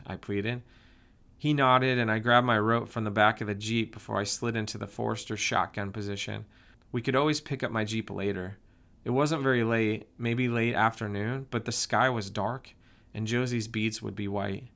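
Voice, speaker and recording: Male narrator, lower voice, calm even first-person story reading. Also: normal speed, vocal fry.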